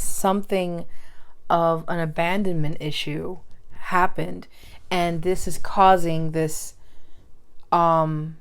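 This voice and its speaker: A young woman giving a pick-a-card tarot reading, emotional and thinking aloud with many pauses and fillers. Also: on the low side, clean tone.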